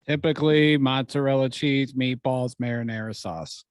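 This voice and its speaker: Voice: mid-range voice, moderate pace, clean tone, no room sound, studio quality. A podcast co-host giving short, matter-of-fact answers in casual chat.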